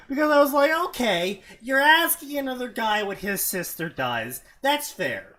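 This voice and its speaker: A man's voice: very high voice, sing-song, normal speed, hardly any pauses, sharp tone. A man hosting a comedy show, reading fanfiction aloud and breaking off to mock it in disbelief. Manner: incredulous, mocking asides. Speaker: host.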